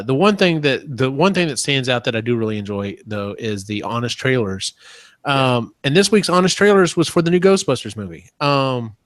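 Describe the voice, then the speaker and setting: A man's voice: medium pitch, a bit bright, dry recording, studio quality. A man in his thirties hosting a casual podcast, rambling with many ums and restarts. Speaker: podcast host.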